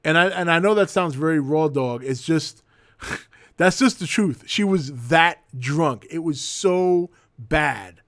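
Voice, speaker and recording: A man's voice: a little high, slow pace, no echo, clean studio sound. Profane storytelling man in his forties. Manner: profane, animated anecdote telling. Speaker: host. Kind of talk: casual storytelling on a livestream.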